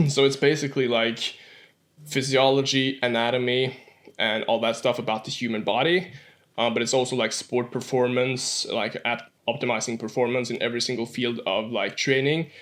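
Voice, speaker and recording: A young man in his twenties from Norway with a Norwegian accent, guest on a casual podcast, saying "like" a lot and often clearing his throat. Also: mid-range voice, steady tone, normal speed. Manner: says "like" often.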